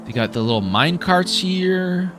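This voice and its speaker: A Canadian man giving casual, excitable commentary while streaming a video game, reacting aloud and swearing freely. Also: high voice, measured pace, music in the background.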